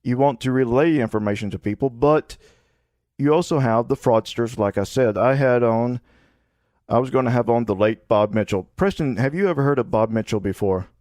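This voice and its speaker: A man's voice: medium pitch, normal speed, a little mellow, dry recording, clean studio sound. A man hosting a podcast, talking in a casual, blunt, conversational way. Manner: conversational, blunt, laughs easily. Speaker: podcast host. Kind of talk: casual interview chat.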